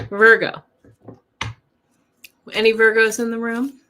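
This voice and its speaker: Livestreaming a weekly tarot reading from home with a cat nearby, a woman chats in a friendly way, laughing often and greeting viewers by name as she goes. Her voice is fairly high, level, slow, pushed and bright, with a little hiss or hum in the audio.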